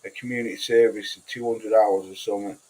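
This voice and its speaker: A man's voice: on the low side, little pitch movement, quick pace, a little mellow, husky, low-quality recording. Blunt, sweary Cheshire man on a livestream. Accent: Cheshire English. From Cheshire, England. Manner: blunt, sweary, rambling with many restarts. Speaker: livestream host. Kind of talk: casual livestream chat reading comments.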